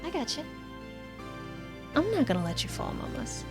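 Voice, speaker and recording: A woman's voice: high-pitched, sing-song, normal speed, music in the background. A woman streaming a story game live, chatting and reading the game text aloud.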